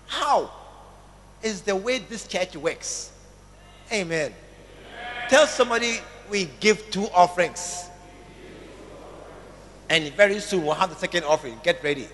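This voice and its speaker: A man preaches to his church, his voice high and bright with a forceful edge. He talks slowly and emphatically, repeating phrases and calling on the congregation to say amen. Long reverb from the church hall trails each phrase. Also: animated, slight background noise. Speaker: pastor. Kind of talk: sermon.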